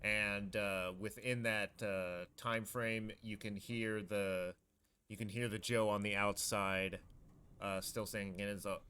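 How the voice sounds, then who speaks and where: A man narrating a tabletop game as game master, halting with many fillers and restarts. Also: on the low side, flat delivery, bright, forceful tone, slight background noise.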